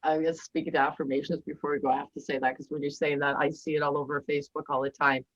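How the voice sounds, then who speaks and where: A woman's voice: low voice, level tone, fast, no echo, muffled recording. A woman hosting a podcast in casual conversation, chatty and laughing at herself. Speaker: podcast host.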